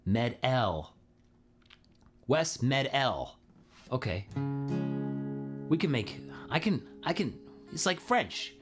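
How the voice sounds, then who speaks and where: A man's voice: mid-range voice, very animated, slow, pauses often, over loud music. A man who is a singer hosting a live stream, chatting casually with viewers in a laid-back, chatty way and laughing often.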